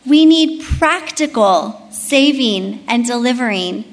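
High-voiced chatty woman teaching. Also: lively intonation, slow pace, big-room sound. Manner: chatty, storytelling, frequent "like". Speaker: Bible study teacher. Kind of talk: devotional teaching with personal story.

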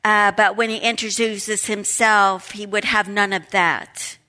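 Slow, emphatic woman teaching Bible study. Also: mid-range voice. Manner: animated, emphatic, repeats key words. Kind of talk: Bible study lesson with prayer and scripture reading.

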